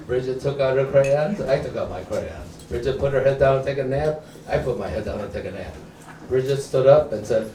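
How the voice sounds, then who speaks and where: A man's voice: mid-range voice, a little fast, mellow, a little hiss or hum. A man from Mexico whose first language is Spanish, nervously chuckling through an open-mic stand-up set in a small comedy club. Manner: nervous, chuckling between jokes. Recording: roomy club recording from far off. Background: audience laughter.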